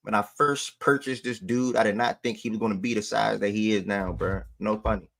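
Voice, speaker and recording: Man, low voice, casual sports stream host, slangy and loose, chatting straight to viewers. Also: fairly even intonation, brisk, gravelly, a bit bright. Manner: loose slangy talk, breaks off to call his dog. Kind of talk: casual livestream chat.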